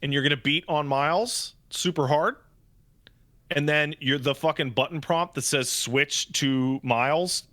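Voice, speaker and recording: Podcast co-host, man, slightly high and bright, blunt and emphatic. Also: a little slow, no echo. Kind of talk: casual podcast chat.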